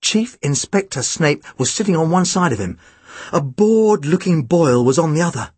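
Expressive husky-voiced male storyteller. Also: on the high side, moderate pace, no room sound. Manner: expressive, animated reading. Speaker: audiobook narrator. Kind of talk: first-person storybook narration.

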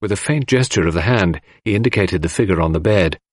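A man reading an audiobook aloud with expressive, measured narration on a close mic. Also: deep voice, no room sound. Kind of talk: scripted narration.

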